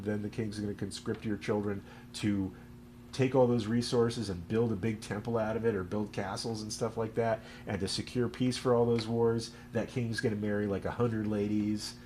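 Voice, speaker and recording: A man's voice: on the low side, darkish tone, slight background noise, natural voice, rough recording. A man voicing a stern male prophet who lectures the people about the dangers of kings. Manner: emphatic, lecturing warnings.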